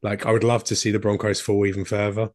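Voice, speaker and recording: A man's voice: lowish voice, little pitch movement, quick pace, darkish tone, no echo, studio quality. A man with a Cockney accent co-hosting a sports podcast, chatty and enthusiastic. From England. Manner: chatty, enthusiastic, repeats himself when thinking. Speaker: podcast co-host. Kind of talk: casual sports chat.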